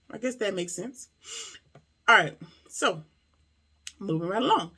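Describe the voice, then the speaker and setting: A woman's voice: mid-range voice, creaky, a bit bright. A woman giving a casual, slangy episode recap and review, animatedly acting out the characters' lines.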